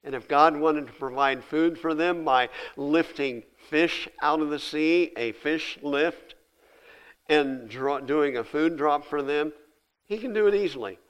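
A man's voice: on the high side, a little slow, a bit bright, clean tone, poor audio. An older man giving a folksy sermon as pastor, retelling scripture with dramatic voiced dialogue.

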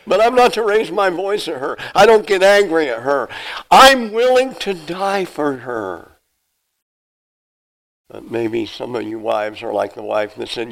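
A man's voice: on the high side, rough recording. A middle-aged man preaching a sermon as pastor, earnest and asking the congregation questions.

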